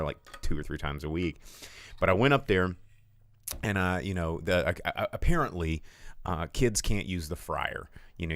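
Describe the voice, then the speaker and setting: Lively low-voiced man telling stories. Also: no room sound, clean studio sound. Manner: animated storytelling, jumps high for quoted voices; rambling with many fillers and restarts. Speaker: podcast co-host. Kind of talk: casual movie talk.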